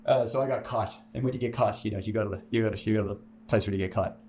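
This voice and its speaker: Man, interview guest, casual storytelling, stammers and restarts, room echo with light ambient noise. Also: racing. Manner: stammering restarts, swings into high animated delivery. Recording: echoey room with faint ambience.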